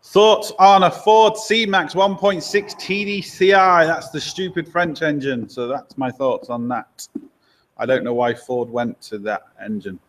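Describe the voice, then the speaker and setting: A man's voice: fairly high pitch, steady tone, a little slow. A man, a garage owner chatting casually on a live stream, answering viewer questions with easygoing, blunt opinions and frequent laughs. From Lincoln, England.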